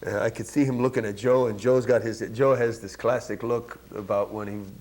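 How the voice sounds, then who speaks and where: A middle-aged man from Buffalo, New York, a jazz saxophonist telling lively anecdotes in a casual interview, laughing and acting out what others said. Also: medium pitch, fairly quick. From Buffalo, New York, USA. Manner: animated, laughing storyteller who acts out quotes. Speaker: guest musician, jazz saxophonist.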